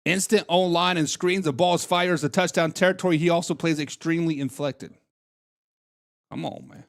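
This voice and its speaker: A man's voice: fairly high pitch, fairly even intonation, normal speed, vocal fry. A man hosting a live sports talk stream, reading chat comments aloud in a playful, teasing way.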